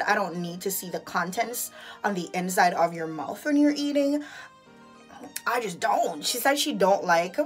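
Chatty Jamaican woman venting in a vlog. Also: medium pitch. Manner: animated ranting, exasperated and chatty. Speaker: vlogger. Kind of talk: casual vlog chat. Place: bathroom at home.

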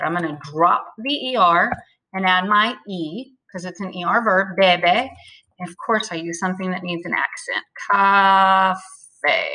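A woman teaching a step-by-step grammar lesson, explaining patiently and slowing down to spell out words. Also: mid-range voice, sharp tone, low-quality recording. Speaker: Spanish teacher. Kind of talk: screen-share grammar lesson.

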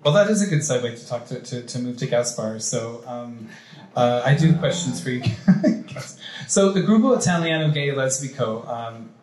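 A man's voice: medium pitch, animated, moderate pace, darkish tone. A man moderates a panel in a casual, hedging way, filling his questions with 'like'. His voice sits in the middle range, and the hall around him is echoey. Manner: casual, lots of 'like' fillers. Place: cultural institute event hall.

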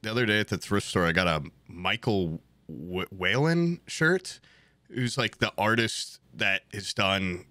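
A man's voice: on the low side, unhurried, bright, forceful tone, dry recording. A man co-hosting a podcast, rambling in casual, profane chat about art he loves. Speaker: podcast co-host.

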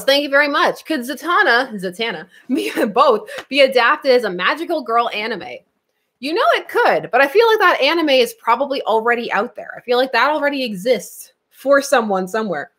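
A woman's voice: a little high, a bit bright. A woman hosting a live comics stream, chatting casually with viewers, giggling often and thinking aloud while she looks things up at her computer. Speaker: comics channel host answering live chat.

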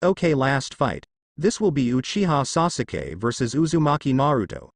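A man voicing a friendly adult ninja teacher who calls out names and results briskly. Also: mid-range voice, lively intonation, no room sound, clean studio sound. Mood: announcing.

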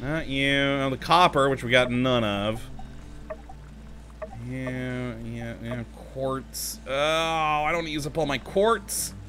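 A man's voice: mid-range voice, takes it slowly, bright, forceful tone, faint music behind. A man commentating casually as he plays a video game, talking to himself, easily exasperated and laughing often. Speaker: let's play host.

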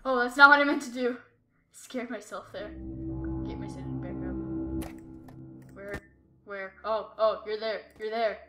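A woman's voice: mid-range voice, very animated, a little slow, pauses often, echoey room, over loud music. A woman giving jumpy commentary while playing a horror game, talking to herself and repeating short exclamations. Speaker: gameplay streamer.

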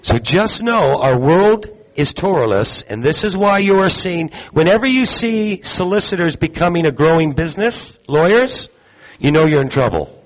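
A man giving a live sermon to a congregation, talking conversationally, putting questions to the room and filling pauses with ums. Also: fairly high pitch, animated, low-quality recording. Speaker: teacher at a congregation gathering. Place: gathering hall with audience.

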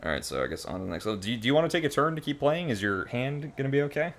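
Racing along at medium pitch, this young man sounds very animated and a bit bright. He's a co-host of a gaming channel chatting casually during a let's play with a friend, rambling and restarting with lots of filler words.

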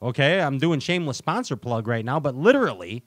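A man's voice: medium pitch, big pitch swings, fairly quick, dry recording, studio quality. A man hosting a fishing talk show, rambling and joking with lots of fillers. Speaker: podcast host. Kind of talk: casual chat.

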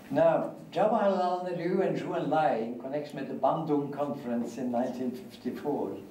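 An older man giving an academic lecture, speaking deliberately and repeating key phrases. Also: fairly high pitch, warm tone. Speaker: guest lecturer. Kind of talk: academic lecture answering questions. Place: lecture hall. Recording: echoey hall, distant mic, faint hiss.

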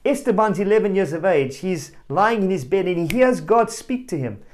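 A male preacher giving a family sermon, telling a story with animated energy and calling out directly to children and parents. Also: high-pitched, moderate pace. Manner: animated storyteller, rising to loud exclamations.

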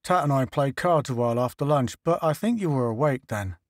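A man voicing a spirited male ship's engineer in a higher, lively voice. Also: fairly quick, no room sound, clean studio sound, lightly acted. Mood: casual.

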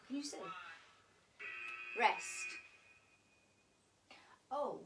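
Breathy, chatty woman leading a workout. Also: on the high side, animated, measured pace, pauses often, far from the mic, background noise. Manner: chatty, encouraging, joking while exercising. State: slightly out of breath. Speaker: pilates instructor. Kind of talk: live online fitness class instruction.

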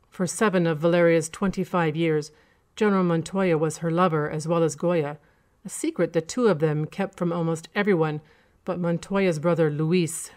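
A woman with a fairly low voice reads a dark period horror tale aloud. Her narration is steady and measured, in the manner of a radio story reading.

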